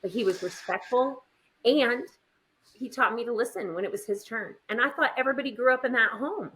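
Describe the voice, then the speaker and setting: Middle-aged woman chatting on a podcast, bright clear voice, animated storyteller. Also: on the high side, brisk. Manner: lively storyteller, does voices in quotes. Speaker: guest. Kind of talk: casual chat.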